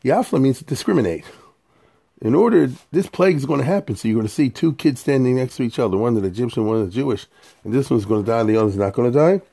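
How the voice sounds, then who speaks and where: Mellow-voiced man teaching scripture informally. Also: medium pitch, animated, fast talker, creaky, slightly rough. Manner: conversational, explains Hebrew verses in plain English, repeats words when restarting. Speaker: Torah teacher.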